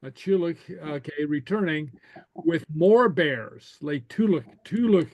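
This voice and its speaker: Sounding out new vocabulary for his students to echo back, a man teaches a laid-back language lesson in a slow, hesitant manner full of okays and gentle laughs. His voice is fairly high, with no room sound.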